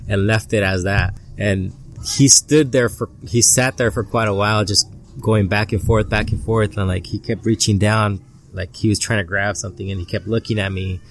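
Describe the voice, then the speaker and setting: Low-voiced man telling a halting story. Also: fairly even intonation. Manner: halting, repeats words as he recounts. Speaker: interview guest. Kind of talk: casual storytelling. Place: outdoors at a family barbecue.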